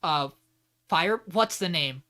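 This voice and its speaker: Bright-voiced man rambling through an anime recap. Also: a little high, slow pace. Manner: rambling, animated, swears casually. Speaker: podcast host. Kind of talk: casual anime episode recap.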